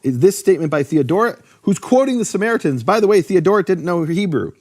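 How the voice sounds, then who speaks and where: A man teaching in casual talk, lively, with many fillers and restarts. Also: high voice, fast talker. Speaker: Bible teacher.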